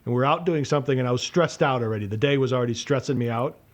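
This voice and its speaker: A man's voice: medium pitch, racing. Male podcast co-host, casual storyteller, profane, self-amused. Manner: rambling, profane, laughing at himself.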